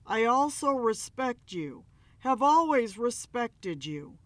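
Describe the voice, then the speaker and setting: A woman's voice: on the high side, very animated, a bit bright, no room sound, full character voice. A woman voicing a moaning possessed male medium. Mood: pleading. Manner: slow drawn-out wailing moans.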